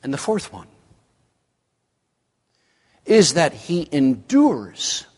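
A man preaching an evening sermon to a congregation, with a slow, emphatic delivery. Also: on the high side, wildly swooping pitch, darkish tone, husky, in a large hall.

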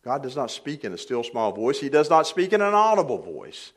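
An older man delivers a sermon in a church sanctuary, casual and lightly humorous, rising to forceful emphasis on the main points. His mid-range voice swoops wildly in pitch, and his pace is brisk.

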